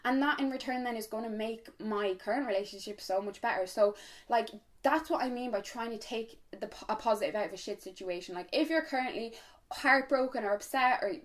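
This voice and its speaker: A woman's voice: fairly high pitch, fairly quick. A woman in her twenties with an Irish accent, telling a casual story-time vlog in a chatty, frank way, full of fillers and swearing. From Ireland. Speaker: vlogger.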